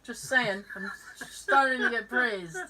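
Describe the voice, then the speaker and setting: A woman with a voice on the high side speaks slowly as she hosts a casual podcast, animatedly acting out every voice in her stories. The audio is poor, with slight background noise.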